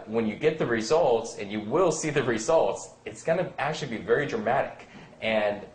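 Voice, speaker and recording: A man talking as a fitness coach in a casual advice chat, rambling with many fillers and acting out what friends might say. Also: medium pitch. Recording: echoey room.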